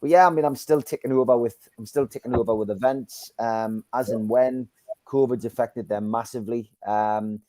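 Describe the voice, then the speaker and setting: A man chats on a video call in a mid-pitched voice. He is friendly and easygoing, rambling with fillers and calling people mate. The sound is dry and close. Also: steady tone, normal speed, mellow, no room sound. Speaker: actor and host. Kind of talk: casual live-stream chat.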